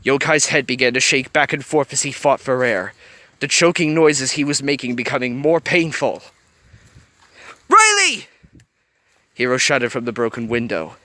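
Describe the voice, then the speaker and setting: A man reading a fan fiction story aloud with animated storytelling. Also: mid-range voice, moderate pace, no echo. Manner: animated storytelling, varied voices. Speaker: reader.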